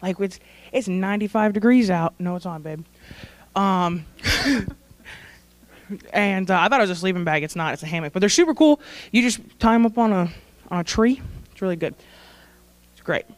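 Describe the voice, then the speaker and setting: A young woman with a smooth, clear voice speaks at a church service. She rambles warmly, laughing often and fighting back tears as she pays tribute. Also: medium pitch, animated, normal speed, long pauses. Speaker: church staff speaker honoring graduates. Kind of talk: heartfelt tribute speech.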